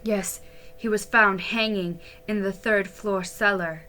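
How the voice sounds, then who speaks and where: A woman's voice: mid-range voice, steady tone, slow pace, background noise, natural voice. Woman doing a flustered, breathless stout matron. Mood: shocked. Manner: breathless and dramatic.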